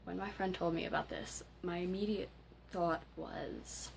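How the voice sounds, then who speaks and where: A teenage girl ranting casually to camera as a vlogger, halting, with many fillers and restarts. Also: lowish voice, steady tone, gravelly, a little hiss or hum, rough recording. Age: teens.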